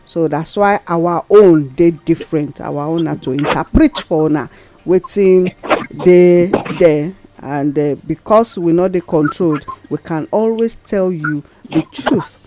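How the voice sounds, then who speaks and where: Woman, Nigerian Pidgin accent, radio co-host, animated, casual studio chat. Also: on the low side, unhurried, a little hiss or hum. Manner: animated, laughing, rising emphatic lines.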